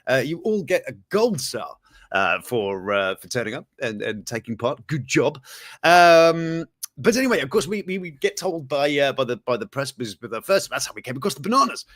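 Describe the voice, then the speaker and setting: A man's voice: medium pitch, big pitch swings, moderate pace, a bit bright, no echo, clean studio sound. A man hosting a casual live-stream news chat, rambling and cheeky, full of fillers and self-mocking asides.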